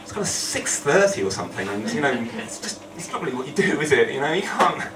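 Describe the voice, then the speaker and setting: A man's voice: medium pitch, sing-song, fast. A man telling a true story on stage at a storytelling night, rambling and self-deprecating with humour. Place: event hall. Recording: echoey hall, distant mic, noisy.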